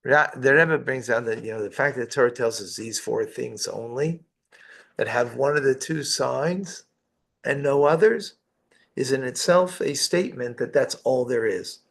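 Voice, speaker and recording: Gravelly man explaining a text. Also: medium pitch, moderate pace. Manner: reads Hebrew phrases then explains in English, with asides and rhetorical questions. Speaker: rabbi teaching Torah. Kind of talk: text-study lesson, translating line by line.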